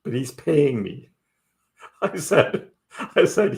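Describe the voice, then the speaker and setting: A man's voice: fairly high pitch, very animated, slow, vocal fry, a little mellow. A middle-aged man hosting a crypto livestream, casually answering viewer chat with wry jokes and frequent laughs. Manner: chatty and wry, laughs often.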